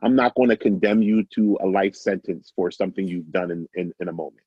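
A middle-aged man casually telling a personal story, animated and self-amused, acting out the dialogue. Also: deep voice, brisk, breathy edge, no room sound, muffled recording. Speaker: guest storyteller.

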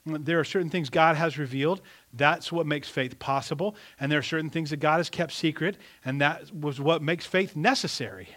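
A man preaching a sermon in an animated, conversational way, asking the congregation rhetorical questions. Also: on the high side, moderate pace, few pauses. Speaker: pastor.

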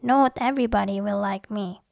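A woman's voice: medium pitch, normal speed, gravelly, darkish tone, no room sound, studio quality. A young woman talking casually to her viewers, chatty and giggly, often acting out little scenes. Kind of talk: casual personal talk to viewers.

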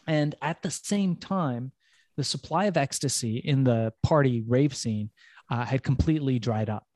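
A middle-aged man, a podcast guest, telling his own story in an animated way, swearing freely and acting out the voices of people he quotes. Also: mid-range voice, normal speed, dry recording.

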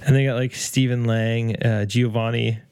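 A man co-hosting a casual chat in an easygoing, amused way, quick to laugh. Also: medium pitch, level tone, darkish tone, clear, resonant tone.

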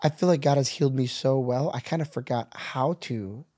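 A middle-aged man talks in an earnest, conversational storytelling voice at a middle pitch. He rises now and then into excited, laughing bursts. The sound is close and dry, with no room around it. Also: a little fast, no echo. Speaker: guest.

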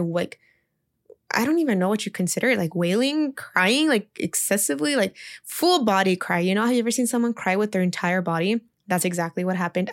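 A young woman, a teacher, casually telling a personal story in a chatty way, full of "like" and quoted speech. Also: medium pitch. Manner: chatty, heavy use of "like", emotional retelling. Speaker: teacher leaving her job.

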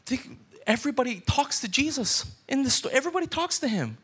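A man's voice: very high voice, sing-song, a little fast, pushed and bright, slightly rough. A man, a pastor, preaching a sermon in an earnest way and putting questions straight to his listeners.

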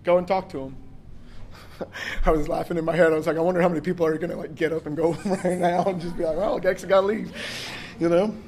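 High-voiced man preaching casually. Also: steady tone, quick pace, darkish tone, a little hiss or hum. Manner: casual, joking delivery with acted-out quotes and frequent 'like'. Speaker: pastor. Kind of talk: sermon.

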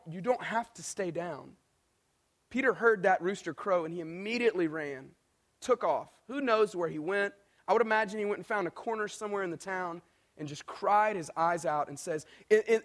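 A male pastor preaching a sermon as an animated storyteller, acting out the people he quotes and swinging between quiet and emphatic delivery. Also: sits high.

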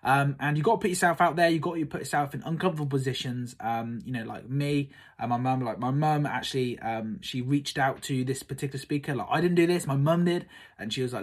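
A young man speaking to camera in a casual, excited monologue, gushing, full of fillers and repeats, and jumping high to act out quotes. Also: quick pace. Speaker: summit organiser vlogging.

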